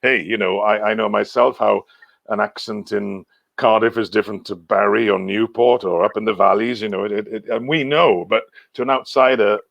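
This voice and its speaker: Low, gravelly man from Wales, guest on a casual chat, rambling and trailing off, dry close sound. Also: steady tone, normal speed, fairly bright tone, no echo. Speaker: guest singer.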